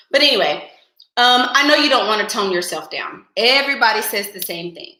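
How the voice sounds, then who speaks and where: A woman's voice: a little high, lively intonation, normal speed, pushed and bright. A young woman hosting a live stream, giving blunt, sassy advice straight to her viewers in casual chat. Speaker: livestream host giving advice. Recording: echoey room.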